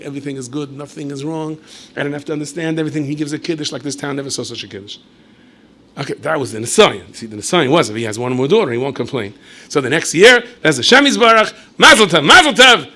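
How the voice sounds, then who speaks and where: Lively male rabbi storyteller, raised pitch, bright ringing tone. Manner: animated, lapses into playful asides and acted dialogue. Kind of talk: storytelling lecture.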